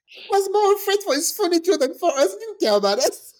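A woman casually telling a personal story on a podcast, acting out the people in it with big swings in her voice and swearing freely. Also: fast talker. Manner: animated, acts out quoted voices with big pitch jumps, swears freely.

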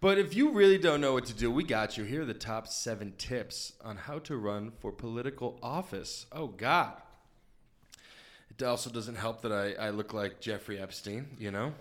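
A man's voice: medium pitch, moderate pace, soft background music. A man co-hosting a comedy podcast, reading out tips and joking with frequent laughs. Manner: joking, laughs often, reads tips aloud. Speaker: podcast co-host. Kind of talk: comedic casual chat.

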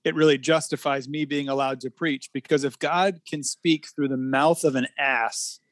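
A man who is a pastor, talking in a casual faith conversation, reflective with dry humor and halting pauses. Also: mid-range voice, fairly even intonation, fairly bright tone, no room sound. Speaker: Christian pastor.

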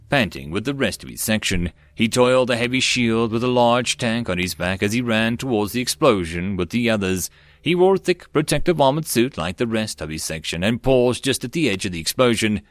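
A man narrating a web-novel audiobook in a steady storytelling manner. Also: medium pitch, no room sound. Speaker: audiobook reader.

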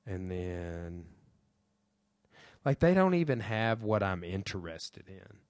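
A man's voice: low voice, expressive, takes it slowly, darkish tone, dry recording, clean studio sound. A young man hosting a podcast, talking in a rambling way with lots of fillers and swearing. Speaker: podcast host. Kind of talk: casual chat.

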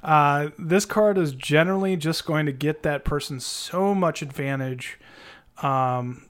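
A man's voice: a little high, measured pace, clear, resonant tone. Wry man telling game stories. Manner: storytelling, teasing, wry. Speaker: podcast co-host. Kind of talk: casual chat about a card game.

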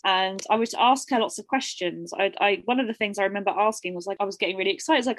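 A young woman speaks candidly as an interview guest, at a medium pitch, thinking aloud and acting out what she and others said. The sound is dry and close, with no room around her. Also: very fast, few pauses, dry recording, low-quality recording. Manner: open, reflective, often restarts and quotes herself. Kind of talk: candid personal account.

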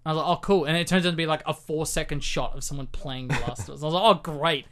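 A man's voice: a little high, very fast. A man hosting a film podcast in casual chat, loose and hedging with many likes. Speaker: podcast host.

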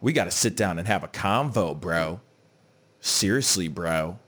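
A man hosting a casual podcast, talking in a loose, animated way, peppered with "you know what I'm saying" and "bruh". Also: deep voice, measured pace, breathy edge. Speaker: podcast host. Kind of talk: casual chat.

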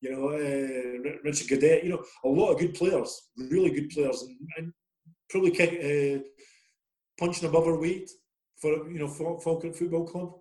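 A man's voice: fairly high pitch, fairly even intonation, normal speed, mellow. A middle-aged Scottish man, a former footballer being interviewed, telling self-deprecating, rambling stories in a casual way. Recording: roomy echoey sound.

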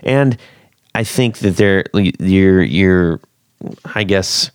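A man's voice: sits low, drawn-out words, smooth, dry recording, clean studio sound. A man hosting a casual podcast interview, talking hesitantly with many fillers and restarts. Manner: hesitant, filler-heavy, chuckling. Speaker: podcast host.

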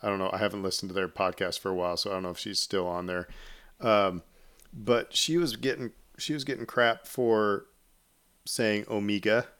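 Rambling man on a podcast, smooth voice. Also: lowish voice, fairly even intonation, normal speed, fairly bright tone. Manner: rambling, many fillers and restarts. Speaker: podcast host. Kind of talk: casual chat.

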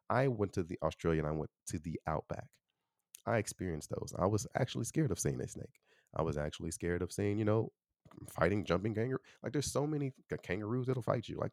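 A young man from Chicago hosts a casual solo podcast in a deep, low voice. He talks quickly and loosely, filling his sentences with easygoing asides. The recording is close and dry, with no room echo. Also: darkish tone. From Chicago, USA. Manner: chatty, loose, full of "you know" and "like". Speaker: podcast host.

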